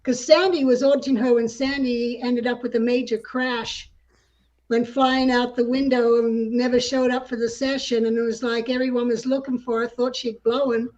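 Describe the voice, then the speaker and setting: An older woman, a grandmother, recalling past events in a brisk, matter-of-fact way as a guest on a live-stream panel chat. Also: a little high, level tone, a little mellow. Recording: slightly dull lo-fi audio.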